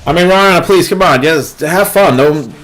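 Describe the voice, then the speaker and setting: Chatting casually with viewers during a gaming livestream, this young host comments on live gameplay, often laughing and trailing off before restarting. His fairly high voice is unhurried and fairly bright.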